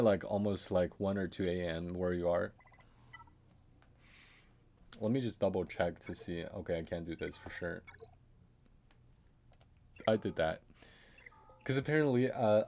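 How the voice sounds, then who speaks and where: A man with a deep, low voice chats through a live game stream. He talks at a slow, unhurried pace, drifting off mid-sentence and muttering half-thoughts to himself. Frequent little chuckles break up his rambling commentary. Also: darkish tone. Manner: chuckles often.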